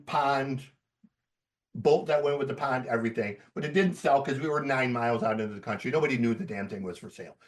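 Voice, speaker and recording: Profane, animated male podcaster. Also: medium pitch, far from the mic. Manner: profane, animated storyteller who laughs as he talks. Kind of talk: casual podcast storytelling.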